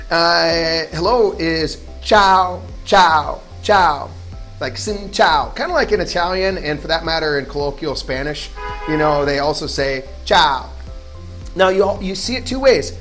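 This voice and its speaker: A man giving a casual, chatty lesson, repeating words slowly for practice. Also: a little high, a bit bright. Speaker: language teacher.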